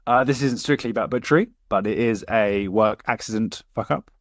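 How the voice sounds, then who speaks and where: A man, co-hosting a casual podcast and telling sweary, animated work stories. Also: on the low side, brisk, no echo, studio quality. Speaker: podcast co-host. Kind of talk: casual chat.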